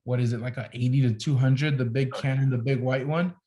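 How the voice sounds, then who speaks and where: A young man talks on a podcast as a photographer guest, recounting a story with animated, casual energy. He peppers his sentences with "like" and keeps the tone relaxed and conversational. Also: mid-range voice, brisk. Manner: animated storyteller, heavy use of "like".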